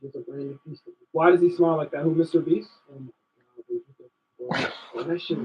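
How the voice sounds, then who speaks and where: A man doing loud, boastful, joking commentary in a video clip. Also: fairly high pitch, fairly quick. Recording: tinny phone-like clip audio.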